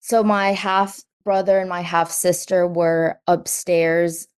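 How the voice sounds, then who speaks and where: Low-voiced young woman full of "like". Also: slow, clean tone. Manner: says "like" constantly, quotes herself and others in lively bursts. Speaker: guest. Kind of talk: personal story in an interview.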